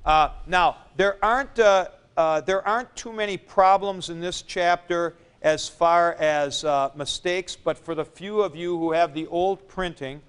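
A man teaching a Greek grammar lesson in a classroom, spelling out word forms deliberately, syllable by syllable. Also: on the high side, fairly bright tone, clean tone. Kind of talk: classroom lecture.

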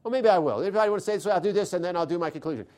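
A man with a fairly high-pitched voice delivers a live lecture on constitutional theory. He talks in a lively, conversational way and often puts questions to his audience. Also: racing.

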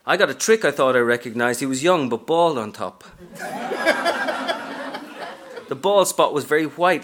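A man with a slightly high, somewhat bright, fairly ordinary voice reads aloud from a novel. He narrates in a sassy first-person style as a brash, streetwise aging woman hustler.

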